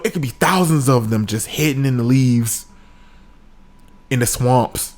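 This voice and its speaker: A man telling a comic story from his own life, with sudden high-pitched exclamations. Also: measured pace, darkish tone. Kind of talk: comedic story time. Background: faint music.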